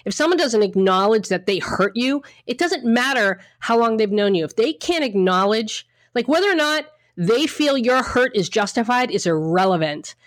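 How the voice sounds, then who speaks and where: A woman's voice: a little high, lively intonation, normal speed, few pauses, no echo, studio quality. A woman co-hosting a casual chat, talking frankly and emphatically with some swearing and lots of restarts. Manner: emphatic, frank, mildly profane, rambling with restarts.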